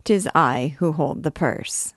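Woman voicing a mischievous young student, playful, teasing, low voice. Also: slow pace, creaky, no room sound, clean studio sound, exaggerated voice.

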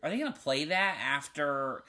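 A man's voice: a little high, big pitch swings, moderate pace, bright, forceful tone. A man with a Southern accent hosting a podcast, chatting casually and enthusiastically with lots of fillers. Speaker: podcast host. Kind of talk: casual chat.

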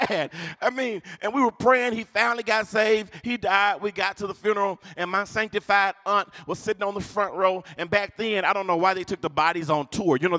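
A male pastor preaching a sermon, often shouting his lines, calling on the congregation to answer and telling funny stories. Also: high voice, no room sound, clean studio sound. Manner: calls on the congregation for responses; humorous storytelling with laughs.

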